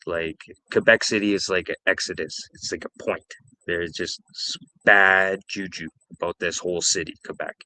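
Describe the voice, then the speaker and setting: A man's voice: sits low, pushed and bright, no echo. A man in his forties telling rambling, profane stories alone on a stream, repeating himself. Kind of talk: casual storytelling.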